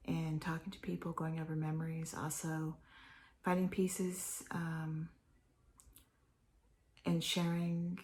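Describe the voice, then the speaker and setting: An older woman from Texas rambles warmly to her viewers in a low, gravelly voice, slipping now and then into a hushed whisper. She talks from her home office, and a faint hiss sits under the recording. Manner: chatty, meandering, drops to a whisper at times. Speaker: vlogger. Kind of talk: rambling casual vlog.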